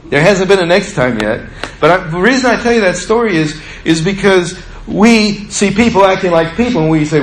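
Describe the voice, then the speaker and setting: A man preaching a sermon as a folksy storyteller. He draws out his key words and drops his voice low for asides. His voice sits a little high, and the recording is roomy with faint ambient hum. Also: expressive, fairly quick. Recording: echoey room with faint ambience.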